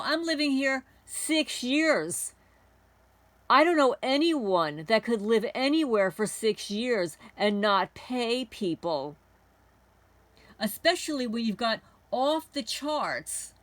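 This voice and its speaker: A woman who hosts a homesteading channel rants to camera in a heated, indignant, rambling monologue, swearing now and then. Her voice is a little high, with no room sound.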